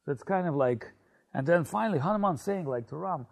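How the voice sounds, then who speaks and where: A man telling a story in a casual conversation, animated and full of fillers. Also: a little high, brisk, vocal fry. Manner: animated, many fillers and restarts, laughs. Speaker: spiritual speaker.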